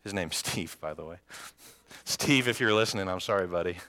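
A man preaching a sermon as pastor, lively and joking with the congregation. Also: low voice, a little fast. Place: church sanctuary. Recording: long hall reverb.

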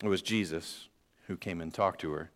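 A man preaching a sermon, shifting between quiet and loud passages and joking with the congregation. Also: sits low, normal speed. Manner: dynamic, swings from quiet to loud. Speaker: pastor.

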